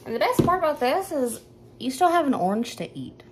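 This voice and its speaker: A woman's voice: high voice, sing-song, noisy background. Chatty Southern woman cooking at home. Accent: Southern American. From Southern United States. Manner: chatty, self-deprecating, quick to laugh. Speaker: cooking vlogger. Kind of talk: casual cooking demonstration. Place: home kitchen.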